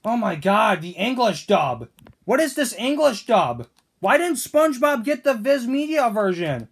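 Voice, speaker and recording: A man's voice: high voice, very animated, a little slow, gravelly, slightly rough, exaggerated voice. A man voicing Toad as a grumpy, whiny male figure in a fan-made cartoon, ranting with indignant questions. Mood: annoyed.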